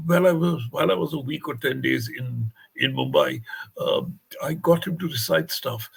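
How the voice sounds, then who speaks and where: Gravelly, husky older man telling stories. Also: on the high side, fairly bright tone, poor audio. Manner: anecdotal storyteller, acts out quoted voices. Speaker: guest poet and translator. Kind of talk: festival stage conversation.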